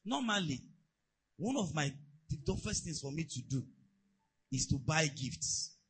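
A man preaching a sermon, telling stories and asides in an animated way. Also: on the high side, a little slow, slight background noise, rough recording. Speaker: pastor.

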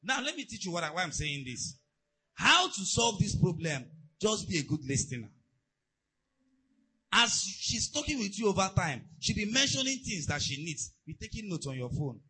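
A man preaching a sermon, telling stories and asides in an animated way. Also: high voice, normal speed, husky, rough recording. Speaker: pastor.

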